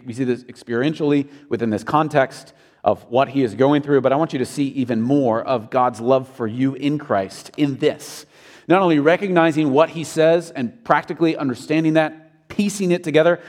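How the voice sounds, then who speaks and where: A man's voice: mid-range voice, darkish tone, big-room sound. A man preaching a sermon as pastor, earnest and building to emphatic peaks.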